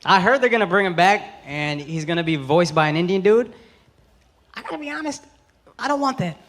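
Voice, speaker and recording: A man's voice: sits high, expressive, brisk. A man in his thirties doing a profane, punchy stand-up set on a club stage into a handheld mic. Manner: brash, profane, punchy delivery. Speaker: stand-up comedian. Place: club stage before a laughing crowd. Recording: loud crowd laughter and noise.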